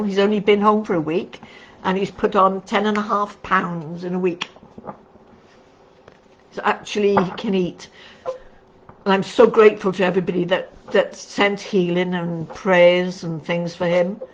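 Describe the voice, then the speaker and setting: A woman's voice: medium pitch, steady tone, moderate pace. Middle-aged woman, tarot reader, chatty and affectionate, casual livestream talk, muffled lo-fi sound. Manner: chatty and affectionate, calls viewers darling. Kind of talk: casual livestream reading and chat. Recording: dull lo-fi recording with faint noise.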